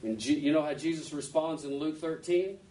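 A man's voice: a little high, fairly even intonation, fairly quick, warm tone. A man preaching a sermon in a conversational way, asking his listeners question after question. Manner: conversational, asks rhetorical questions. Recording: distant mic with faint background noise.

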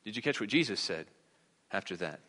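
A man's voice: on the low side, lively intonation, brisk, pushed and bright, in a large hall. A man preaching a conversational sermon, reading scripture and asking the listeners rhetorical questions.

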